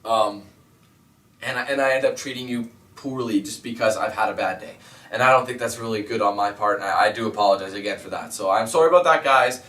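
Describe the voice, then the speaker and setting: Candid and apologetic, this YouTube let's player rambles through a casual vlog with many fillers, his lowish voice brisk and a bit bright. The mic is far off in an echoey room.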